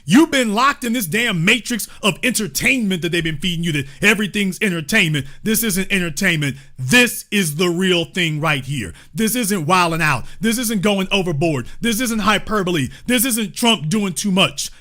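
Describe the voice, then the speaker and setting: A man from Louisiana hosting impassioned political commentary, emphatic and repetitive, dropping from loud to hushed. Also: high-pitched, expressive, normal speed, few pauses. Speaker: host.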